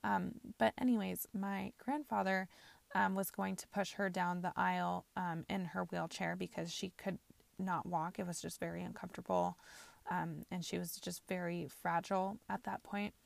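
A podcast host in her twenties candidly tells a personal story, using lots of fillers and laughing as she talks. Her voice is fairly low and creaky, steady in tone, at a moderate pace, with no echo.

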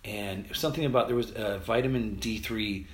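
An American man hosting a podcast, talking casually and quickly, rambling with restarts and fillers. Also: fairly low pitch. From United States. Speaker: podcast host. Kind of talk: casual solo podcast monologue. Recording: roomy echo.

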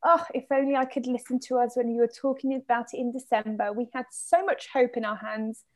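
Bubbly high-voiced young woman podcaster. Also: steady tone, fairly quick, a little mellow. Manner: bubbly and theatrical, laughs often. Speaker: podcast co-host. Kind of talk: casual chat.

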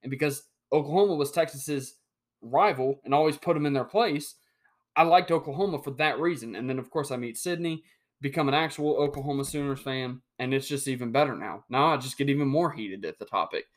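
A young man hosting a sports talk podcast, reading out rankings and ranting heatedly with sudden jumps in loudness. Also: medium pitch, a little fast. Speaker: podcast host.

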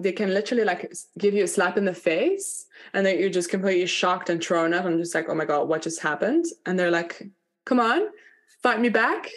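Woman, workshop facilitator, low-ish voice, candid, casual, swears bluntly, video call. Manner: candid, chatty, with frequent "like" fillers and blunt swearing. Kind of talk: live online workshop talk.

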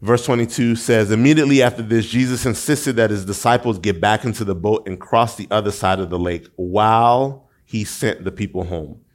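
A man preaching a sermon in a casual, conversational way, asking his listeners questions and going low and soft when he reads scripture. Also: moderate pace, hardly any pauses. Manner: conversational, asks the audience questions. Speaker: pastor.

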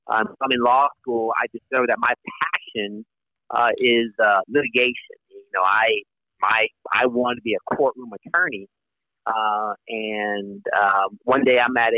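A man's voice: mid-range voice, sharp tone, no echo, rough recording. A man in his forties, a Navy lawyer, telling his story in a casual interview with many fillers and restarts. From United States.

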